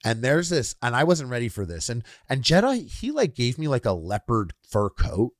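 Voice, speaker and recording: Rambling, animated male podcast storyteller. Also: mid-range voice, moderate pace, no room sound, studio quality. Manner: acts out sounds and quoted voices while telling stories. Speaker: podcast co-host. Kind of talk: casual podcast chat.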